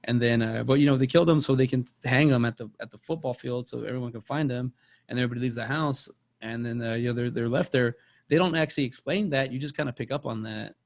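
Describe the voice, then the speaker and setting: A man's voice: mid-range voice, fast, gravelly. A young man, rambling through a casual movie chat on a podcast and repeating words as he tells stories. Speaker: podcast co-host.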